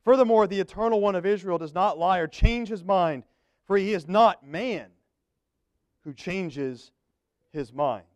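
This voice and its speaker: A man voicing a stern prophet who rebukes a king in a grave, lowered voice. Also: measured pace, no room sound.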